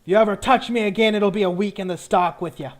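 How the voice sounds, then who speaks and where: A man's voice: fairly high pitch, fairly even intonation, takes it slowly. A man voicing a haughty, hot-tempered male city guard lieutenant in a tabletop game, sneering and barking his words. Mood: threatening.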